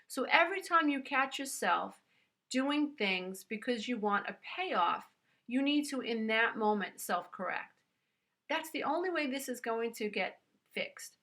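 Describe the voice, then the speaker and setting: A woman with a New York accent leads a motivational self-help talk in a bright, forceful voice. Her tone is earnest and emphatic. She pitches a little high and addresses the listener directly. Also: expressive, unhurried.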